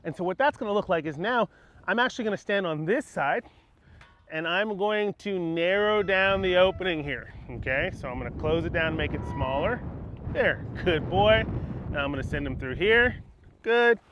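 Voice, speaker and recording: A horse trainer talking calmly as he works a horse through a gate outdoors, praising it often and explaining each step. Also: sits high, normal speed. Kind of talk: hands-on training demonstration. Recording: dull lo-fi audio with faint outdoor noise.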